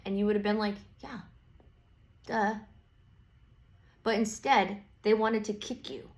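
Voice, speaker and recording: A woman tarot reader talking in a loose, rambling way, full of "like" and restarts. She swears freely and keeps slipping into quick, playful voices for the people she describes. Her pitch sits in an ordinary middle range for a woman. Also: little pitch movement. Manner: rambling, profane, lots of fillers and playful quoted voices. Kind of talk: casual tarot reading monologue.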